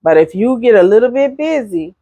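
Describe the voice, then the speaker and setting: A middle-aged woman talks straight to her viewers in a casual vlog, chatty and animated, her pitch swooping up and down as she makes her points. The sound is dry and close, with no room around her. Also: fairly quick, no room sound. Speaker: vlogger giving relationship advice. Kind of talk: casual talk to camera.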